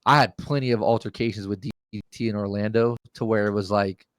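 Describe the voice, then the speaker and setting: A man's voice: on the low side, fairly quick, clean tone, dry recording. A man on a podcast telling a rowdy, profane story in casual chat and acting out the quotes. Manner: animated, profane, acts out quotes.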